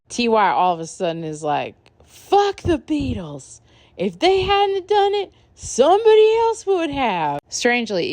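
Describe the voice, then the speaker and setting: A woman's voice: a bass voice, creaky, a little mellow. A woman telling a true story in a candid, rambling, profane casual way.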